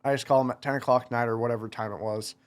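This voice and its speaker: A young man chats as a podcast guest, spinning stories with plenty of energy. He laughs as he goes and acts out what others said. His voice sits at an ordinary, mid-range pitch. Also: racing. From United States. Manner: animated, laughs while telling stories, acts out quotes. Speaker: podcast guest, motocross racer. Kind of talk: casual storytelling.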